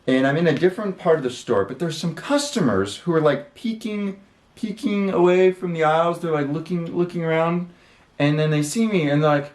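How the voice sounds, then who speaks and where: A man's voice: on the high side, brisk, echoey room. A man hosting his channel, telling a story in a casual, rambling way, with lots of fillers and the odd swear word. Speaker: channel host. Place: his room.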